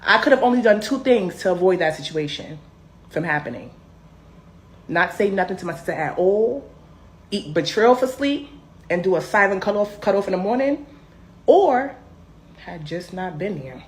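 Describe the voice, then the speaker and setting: A young woman telling a personal story in a casual, animated, sassy way. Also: mid-range voice, normal speed, pauses often. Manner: animated, sassy, emphatic swings.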